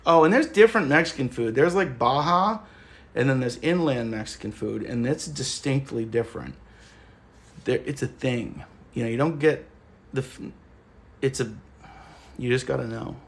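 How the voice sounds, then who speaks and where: A man's voice: medium pitch, moderate pace, gravelly. A man hosting a casual livestream, chatting loosely with viewers and joking as he rambles through stories. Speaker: livestream host.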